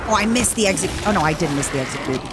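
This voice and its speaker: A woman's voice: on the low side, expressive, very fast, music in the background. A young woman streaming a game, gushing and playful as she reacts and chats. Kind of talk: live gameplay commentary.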